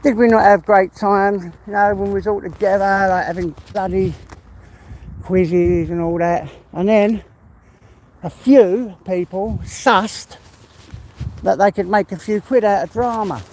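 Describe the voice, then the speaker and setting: Brief: English man, walk-and-talk vlogger, out of breath, chatty and heartfelt, slightly higher voice, faint outdoor hiss. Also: fairly even intonation, measured pace, darkish tone, rough recording. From England. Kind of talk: casual walk-and-talk monologue.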